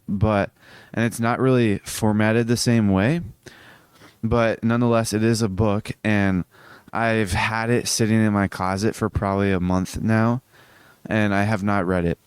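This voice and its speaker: Sleepy, rambling young man, low smooth voice. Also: fairly even intonation, measured pace, no echo. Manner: rambling, with many fillers and restarts. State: sleepy, yawning. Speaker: podcast host. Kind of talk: casual solo podcast monologue.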